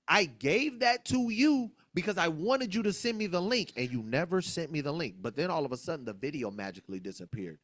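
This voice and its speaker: A man talks on a podcast with a higher-than-usual voice that swings widely as he argues his side. He is emphatic and presses his points again and again. The sound is close and dry. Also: big pitch swings, brisk, hardly any pauses, a bit bright, dry recording. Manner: emphatic, argumentative, quoting others, repeats himself. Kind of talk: heated podcast talk, recounting a dispute.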